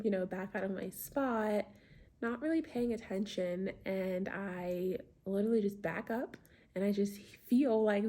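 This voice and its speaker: A woman's voice: mid-range voice, dark tone. A young adult woman vlogger telling a casual storytime, chatty with lots of fillers. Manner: chatty, many fillers, embarrassed retelling.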